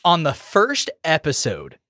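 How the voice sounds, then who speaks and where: A man co-hosting a podcast, animated and joking as he runs a trivia game. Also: a little high, a little slow, dry recording, clean studio sound. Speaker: podcast co-host. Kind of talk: casual chat.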